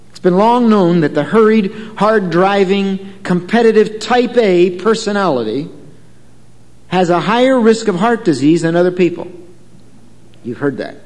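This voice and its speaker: A man's voice: sits high, a little mellow, in a large hall. A man preaching a sermon in a conversational way, telling a story and asking the congregation questions. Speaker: pastor.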